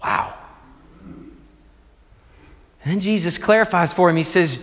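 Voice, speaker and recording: A male pastor preaching a sermon, retelling a story with animated, emphatic delivery. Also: high voice, fast talker, few pauses, big-room sound.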